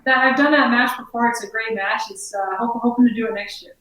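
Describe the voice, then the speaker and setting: A woman's voice: a little high, fast talker. Chatty woman from Colorado in an echoey room. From Colorado, United States. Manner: relaxed, chatty, with many fillers. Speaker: guest, former biathlete and shop owner. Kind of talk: casual interview talk. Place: inside her outdoor gear shop. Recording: echoey room, voice far from the mic.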